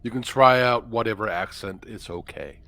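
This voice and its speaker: A man's voice: on the low side, normal speed, pushed and bright. Man co-hosting in a rambling, mocking rant. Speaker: co-host. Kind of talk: casual reaction chat.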